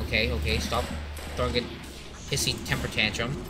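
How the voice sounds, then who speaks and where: Young male gamer, mid-pitched, rambling and excitable, noisy game audio underneath. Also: fairly quick. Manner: excitable, rambling, frequent outbursts. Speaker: gaming commentator. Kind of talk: casual gameplay commentary.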